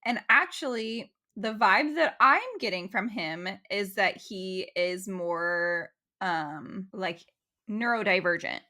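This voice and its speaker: This young woman speaks with a bright, forward tone in a casual podcast chat. She talks in a steady, earnest way and often chimes in with quick agreement. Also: medium pitch. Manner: steady and earnest, with lots of short agreeing replies. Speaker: podcast co-host.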